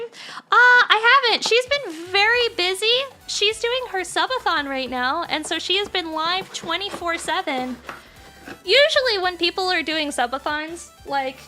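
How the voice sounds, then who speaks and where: A woman streamer talks casually with her chat as she crafts. Her voice sits very high and sounds bright and forceful, and her speech is gushing and full of fillers. Faint music plays underneath. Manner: chatty and gushing, with many fillers.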